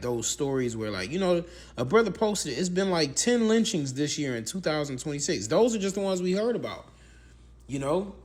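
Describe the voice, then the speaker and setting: Casting: male preacher-commentator, higher voice, very lively swings, emphatic and repetitive, rhetorical questions. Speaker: religious commentator. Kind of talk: preaching commentary with scripture reading.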